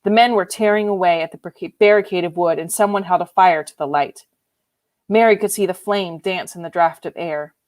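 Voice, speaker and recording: A woman reading a novel aloud in an expressive, emotionally involved way. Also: fairly low pitch, brisk. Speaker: reader. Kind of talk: audiobook reading.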